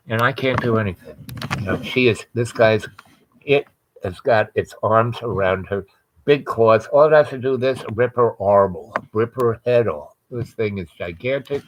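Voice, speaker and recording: A man's voice: mid-range voice, moderate pace, rough recording. A man hosting a show, telling a personal story in a casual, rambling way with frequent restarts and asides. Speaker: host.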